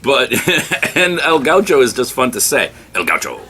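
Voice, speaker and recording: A man's voice: medium pitch, expressive, a little slow, bright, forceful tone. A man reviewing comic books in casual podcast chat, rambling and stammering through restarts.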